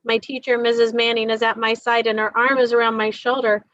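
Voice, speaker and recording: A woman reading aloud in the voice of a frightened nine-year-old girl, quietly and plainly. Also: fairly high pitch, level tone, a little fast, no echo, lightly acted. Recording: dull dry recording.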